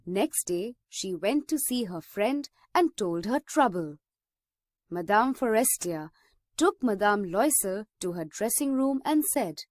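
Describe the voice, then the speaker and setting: A woman teacher reading a story aloud slowly and expressively for a school lesson. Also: mid-range voice, animated, no room sound, clean studio sound.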